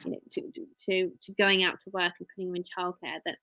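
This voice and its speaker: A woman's voice: on the low side, level tone, quick pace, no echo, lo-fi sound. A woman with an English accent hosting a casual live stream, chatting in a rambling, friendly way to her viewers. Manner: chatty, rambling, talks to viewers and child at once. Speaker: live-stream host, work-from-home mum.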